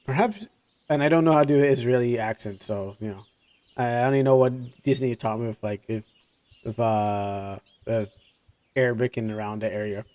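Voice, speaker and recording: A man's voice: medium pitch, steady tone, a little fast, darkish tone. A man streaming a game live, chatting and commenting with many restarts.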